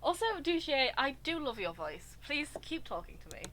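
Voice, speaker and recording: A woman's voice: sits high, sing-song, moderate pace, pushed and bright, a little hiss or hum. A woman streaming a game, chatting casually in a gushing, rambling way. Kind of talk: casual live-stream chat over gameplay.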